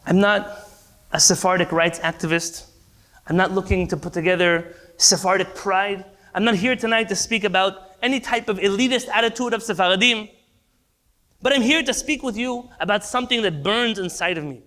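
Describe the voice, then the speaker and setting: A man's voice: high-pitched, normal speed, sharp tone. A male rabbi giving an evening class, earnest and impassioned, building emphasis through repetition.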